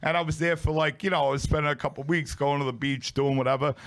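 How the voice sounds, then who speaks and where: A man hosting a casual chat with a fellow pizza maker, rambling and quick to agree. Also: a little high, steady tone. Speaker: host, pizzeria owner.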